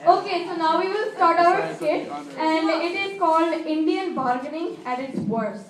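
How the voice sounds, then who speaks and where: A young woman slowly introducing her friends before a school talent-show skit. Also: very high voice. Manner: slow, giggly announcing. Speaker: student presenter of the skit. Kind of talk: stage introduction. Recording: echoey hall from far off with crowd.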